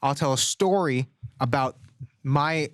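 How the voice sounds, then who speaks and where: A man's voice: fairly high pitch, unhurried, dry recording, clean studio sound. A young man co-hosting a podcast, joking loosely and swearing in casual banter. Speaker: podcast co-host. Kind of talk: casual comedic chat.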